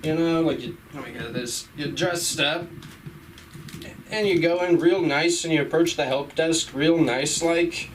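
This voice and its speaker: On a comedy club stage, a young man with a somewhat high voice delivers stand-up at a measured pace with slight background noise. Captured live from a distance through a stage mic, he rambles and giggles through his bits, trailing off with fillers while the audience laughs.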